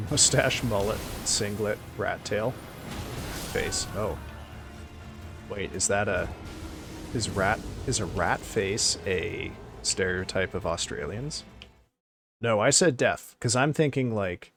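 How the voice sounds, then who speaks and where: A man's voice: low voice, slow, gravelly, pauses often. A Canadian man chatting casually with his stream chat while playing a game, wry and prone to joking swears. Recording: game music playing behind.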